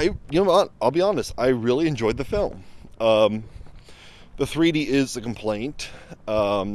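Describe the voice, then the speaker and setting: A man gives a casual, rambling film review outdoors beside a road, full of fillers and restarts, as vehicles pass. His mid-range voice is a little mellow, with slight background noise.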